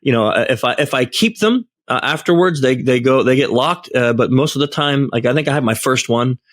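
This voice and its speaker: A man chatting on a podcast, telling a job story with lively quoted dialogue. His voice sits in a middle register and sounds dry and close, with no room echo. He talks casually, full of fillers and restarts. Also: mid-range voice, brisk. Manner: animated, acts out quoted dialogue. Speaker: podcast host and security tester.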